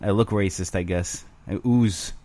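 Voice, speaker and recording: A man's voice: low-pitched, measured pace, mellow, dry recording. A man hosting his own show alone, rambling crudely with self-mocking humor. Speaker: podcast host. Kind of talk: casual solo rambling.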